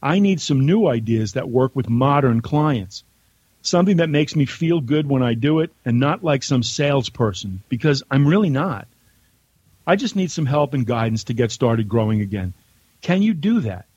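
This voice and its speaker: A man's voice: mid-range voice, expressive, moderate pace, darkish tone, breathy edge, dry recording, muffled recording. A man from the United States, a podcast guest, reading his own letter aloud in a blunt, conversational way on a remote call. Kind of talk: casual chat and reading aloud.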